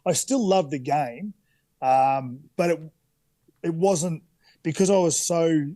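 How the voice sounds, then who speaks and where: Speaking slowly in a slightly high voice, this Australian man in his thirties shares candid anecdotes as a podcast guest, often restarting sentences and using fillers. The interview is casual and the recording dry.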